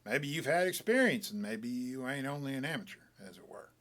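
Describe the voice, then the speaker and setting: A man's voice: mid-range voice, lively intonation, a little fast, fairly bright tone, lightly acted. A man voicing an easygoing, proud frontier gambler who talks in a careless, folksy drawl. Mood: easy, careless.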